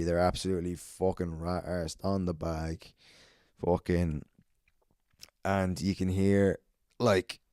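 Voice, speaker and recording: A young man with a low, smooth voice tells rambling, profane gig stories and keeps laughing at his own tales. His tone is warm and mellow, and the sound is close and dry. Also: no echo. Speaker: comedian and podcast host. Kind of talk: casual storytelling monologue.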